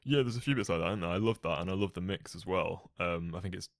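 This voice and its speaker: A man with a very deep voice talks casually on a podcast. He sounds enthusiastic, swears freely and fills gaps with 'like' and 'sort of'. The recording is dry and close. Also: quick pace, no echo. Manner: enthusiastic, sweary, filler-heavy. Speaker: podcast co-host. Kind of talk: casual chat.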